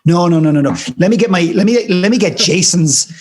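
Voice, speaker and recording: A man putting on the voice of a flustered, modest woman who waves off praise in a high, protesting tone. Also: expressive, a little fast, husky. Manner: high, protesting, self-deprecating.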